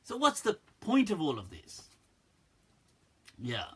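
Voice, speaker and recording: An Islamic scholar answers viewer questions on a live stream, candid and animated, laughing often. He speaks slowly in a high-pitched, slightly rough voice.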